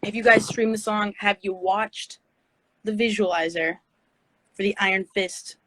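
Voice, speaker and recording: Bright-voiced woman hosting a casual phone livestream. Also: medium pitch, fairly even intonation, measured pace, poor audio. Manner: giggly, scattered, reads fan questions aloud. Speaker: livestream host. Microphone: phone video stream.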